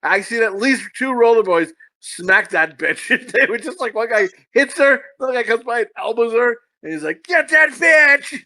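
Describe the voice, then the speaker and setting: A man co-hosting a podcast, whose high-pitched voice rambles through a casual movie review. His talk is full of swearing and quick bursts of laughter. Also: bright, forceful tone, poor audio. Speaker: podcast co-host.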